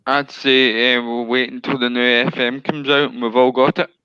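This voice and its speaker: A man's voice: medium pitch, flat delivery, normal speed, pushed and bright, clear, resonant tone, no echo. A man, a guest on a football stream, telling anecdotes in casual chat. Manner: tells anecdotes. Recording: dull, dry lo-fi mic.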